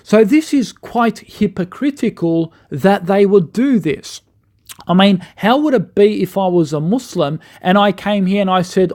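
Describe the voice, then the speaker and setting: A man's voice: high-pitched, lively intonation, unhurried, a little mellow. A man giving an argumentative opinion monologue, full of rhetorical questions. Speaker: commentator.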